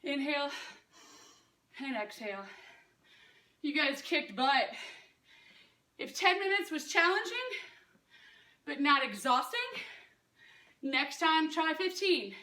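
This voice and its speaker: A woman's voice: sits high, lively intonation, takes it slowly, long pauses, bright, forceful tone, echoey room, far from the mic. A woman in her thirties coaching a home workout, upbeat and encouraging, out of breath. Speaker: fitness instructor. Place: room at home.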